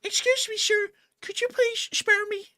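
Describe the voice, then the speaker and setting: A man doing a squeaky begging shrimp. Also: fairly even intonation, unhurried, sharp tone, exaggerated voice. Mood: pleading. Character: pleading frightened little cartoon shrimp, male.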